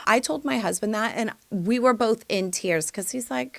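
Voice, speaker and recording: A woman in her forties hosts a podcast and tells a funny story from her life. She talks in a sassy, animated way, leans on "honey" and "girl", and her voice swings high and low. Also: a little fast, few pauses. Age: 40s. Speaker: podcast host; mother and choreographer. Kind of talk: comic storytelling monologue.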